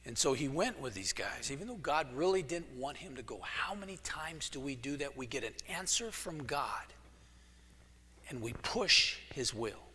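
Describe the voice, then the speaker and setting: Joking pastor with a bright voice. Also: male voice, mid-range voice, lively intonation, moderate pace, slight background noise. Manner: casual storytelling with jokes. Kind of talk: sermon. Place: church sanctuary. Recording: echoey church hall.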